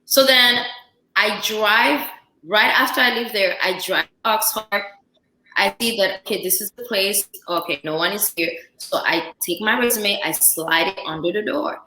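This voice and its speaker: A woman's voice: mid-range voice, moderate pace. A young woman from Central Africa, a chef and podcast guest, telling a story in casual chat and acting out the dialogue with lots of "like". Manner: animated storyteller, acts out dialogue, frequent "like". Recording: roomy, echoey podcast room.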